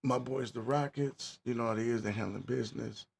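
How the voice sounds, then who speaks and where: Gravelly man hosting a casual podcast. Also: medium pitch, fairly quick. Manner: laid-back, repeats phrases, slangy. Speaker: podcast host. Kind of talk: casual livestream chat. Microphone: mic turned up loud.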